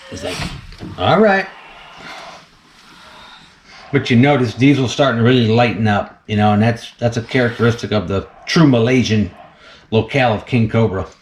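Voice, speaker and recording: A man's voice: medium pitch, brisk, roomy sound, slight background noise. A man hosting a casual vlog while feeding a snake, chatty and laughing often as he talks to the animal. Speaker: snake keeper and channel host.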